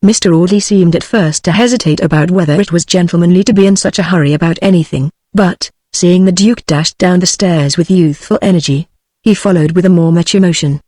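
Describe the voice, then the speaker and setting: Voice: medium pitch, dry recording. Dry text-to-speech narrator. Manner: even, mechanical delivery. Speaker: audiobook narrator. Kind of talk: text-to-speech book reading.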